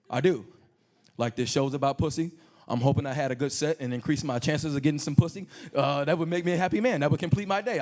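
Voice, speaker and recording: A male stand-up comedian telling crude stories with animated delivery on a comedy club stage, into a handheld mic. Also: on the high side.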